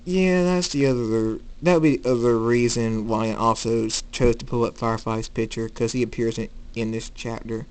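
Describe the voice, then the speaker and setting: A man's voice: mid-range voice, fairly even intonation, normal speed, few pauses, a little mellow, clear, resonant tone. A man narrating his own fan story in a plain reading voice, with some restarts. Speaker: fan fiction reader.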